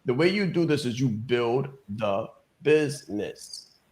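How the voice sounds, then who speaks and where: A man's voice: medium pitch, animated, takes it slowly, a little mellow. A man giving an emphatic motivational business coaching talk on a call, repeating key phrases and often asking "right?".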